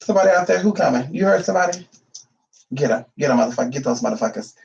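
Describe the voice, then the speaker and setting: A man vlogging casually from home, sassy and profane, cooing baby talk at his dog, his voice a little hoarse. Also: on the high side, lively intonation, rapid-fire, a little mellow, dull audio. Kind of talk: casual chat to camera.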